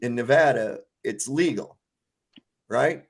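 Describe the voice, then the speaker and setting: A man hosting a casual chat, animated and swearing freely as he tells stories. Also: medium pitch, slow pace, breathy edge. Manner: animated, acts out quotes in funny voices, swears freely.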